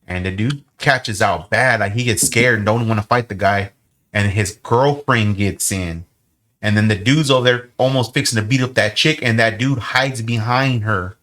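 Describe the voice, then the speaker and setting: A man in his forties telling heated, profane stories in a casual podcast chat. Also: lowish voice. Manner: heated, profane, animated retelling. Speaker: podcast co-host.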